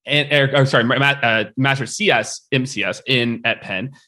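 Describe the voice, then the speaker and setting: A man's voice: mid-range voice, moderate pace, pushed and bright. A man hosting a podcast, asking long, rambling questions in a friendly, casual way. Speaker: podcast host. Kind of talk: casual interview.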